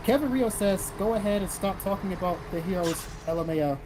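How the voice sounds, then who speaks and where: A blunt, profane man from South Carolina hosts a casual livestream, reading viewer comments aloud and answering them. He talks in a plain, everyday way. Steady background noise sits under his voice, with vehicles passing now and then. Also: high voice, a little fast. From South Carolina, American South. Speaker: livestream host reading chat.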